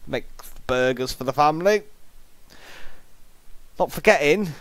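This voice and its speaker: Guy reacting to a clip, slow and dramatic, lots of pitch swings, super dry close sound, acting all grossed out. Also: expressive, no echo. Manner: exasperated, theatrical, jokingly disgusted. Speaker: reaction video commentator. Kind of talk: comic reaction commentary.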